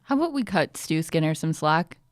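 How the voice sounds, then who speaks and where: A woman's voice: low voice, animated, fairly quick, no room sound, clean studio sound. A woman co-hosting a sports podcast in casual chat, talking as an upbeat fan and using lots of fillers. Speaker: podcast co-host.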